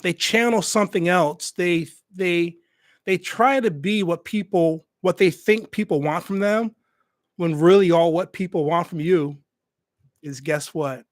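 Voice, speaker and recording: A man with a high-pitched voice speaks at a measured pace, recorded with studio quality on a USB desk microphone with no room sound. He hosts a hospitality YouTube channel and is livestreaming, talking casually and directly to his viewers. His delivery is emphatic, and he repeats phrases for weight.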